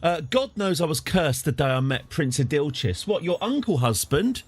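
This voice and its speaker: A man's voice: fairly high pitch, big pitch swings, moderate pace, husky. A man streaming a strategy game live, chatting with jokey asides.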